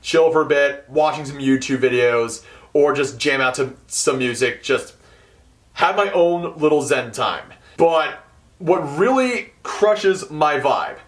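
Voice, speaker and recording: A young man talks straight to camera in a casual rant about his workplace. His voice sits a little high for a man. He swears freely, mutters under his breath, then suddenly shouts in frustration. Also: animated, slow. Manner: storytelling with swearing, swings between mumbled asides and loud outbursts. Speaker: hotel event setup worker. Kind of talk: casual ranting vlog.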